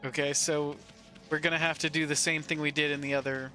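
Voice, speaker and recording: A man's voice: on the high side, level tone, fairly quick, pushed and bright. A man streaming a video game, making casual, joking asides as he plays. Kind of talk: casual gaming commentary. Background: game music.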